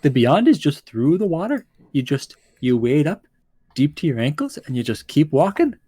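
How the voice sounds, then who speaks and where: A man's voice: on the high side, very animated, moderate pace, mellow, slightly rough, no echo. A man voicing a small, nervous male gnome shopkeeper who stammers and slips into a put-on Scottish lilt. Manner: stammering, flustered, tries a Scottish accent.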